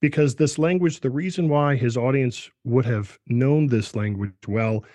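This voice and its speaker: A man's voice: mid-range voice, measured pace, a little mellow, no echo. Middle-aged male professor, lecturing voice, dry close sound, keeps saying "right". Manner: peppers speech with "right" and restarts. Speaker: political science professor, guest. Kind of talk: explanatory discussion.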